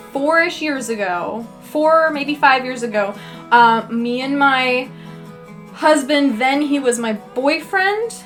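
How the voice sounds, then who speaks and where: Chatty high-voiced woman, soft folk music behind. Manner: chatty, rambling storyteller with lots of fillers. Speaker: livestreaming painter. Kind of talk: casual chat while painting on a livestream. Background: soft guitar folk music.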